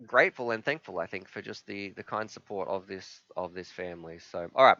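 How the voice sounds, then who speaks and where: A man hosting a live stream, chatting casually and reading chat messages aloud, sometimes halting with emotion. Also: low voice, a bit bright, dry recording. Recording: slightly dull, dry sound.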